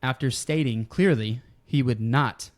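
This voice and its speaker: Male podcast host, relaxed storyteller, everyday mid voice. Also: medium pitch, measured pace. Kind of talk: casual wrestling podcast chat.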